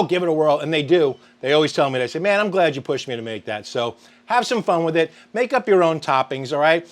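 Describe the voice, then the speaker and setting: A man hosting a grilling show, talking viewers through a recipe in an upbeat, chatty way. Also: sits high. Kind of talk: cooking demonstration to camera.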